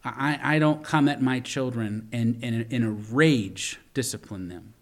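A man's voice: mid-range voice, unhurried. A man preaching a sermon as pastor, retelling a story and then speaking directly to parents, often repeating words and restarting lines. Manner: storytelling preacher, swings from loud emphasis to quiet asides.

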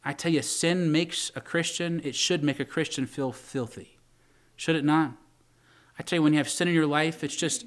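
A man's voice: on the high side, normal speed. A man preaching a sermon, reading scripture aloud and pleading in the voice of a repentant king. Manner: impassioned preaching, quoting scripture in old English, pleading voice for David. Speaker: pastor.

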